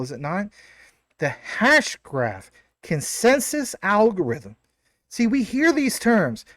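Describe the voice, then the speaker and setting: A man hosting his own video, explaining ideas casually with rhetorical questions, fillers and quick self-corrections. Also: a little high, fairly bright tone, dry recording, studio quality. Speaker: crypto video host.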